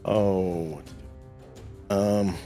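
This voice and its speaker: Slow, low-voiced man player. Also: fairly even intonation, warm tone, faint music behind. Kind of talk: tabletop game play over voice chat.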